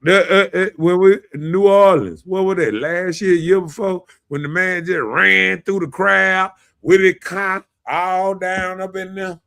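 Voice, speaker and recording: A man, hosting a podcast in casual opinion talk, animated, often asking "you know what I'm saying" and laughing. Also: high voice, unhurried, gravelly, hardly any pauses. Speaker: podcast host.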